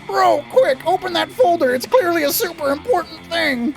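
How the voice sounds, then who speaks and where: A man voicing a dim, excitable young jock who talks like a bro. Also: very high voice, moderate pace, gravelly, soft background music, voice pushed up, heavily acted. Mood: excited. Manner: bro-talk, eager and dopey.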